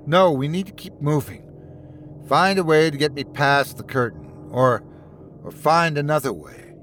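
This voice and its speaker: A man's voice: a little high, unhurried, fairly bright tone, slight background noise. Male narrator voicing a battered man in chains; strained, desperate, pleading.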